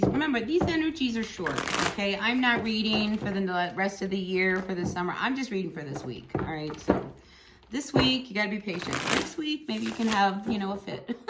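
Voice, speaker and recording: A woman's voice: a little high, moderate pace, heavy background noise. A woman giving a casual, chatty tarot reading, encouraging and blunt, often tagging lines with "right?" and "you know". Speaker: tarot reader.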